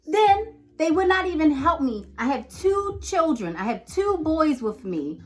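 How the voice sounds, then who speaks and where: Woman, wife in an interview, indignant and insistent, slightly high voice. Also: sing-song, moderate pace. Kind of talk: emotional personal account.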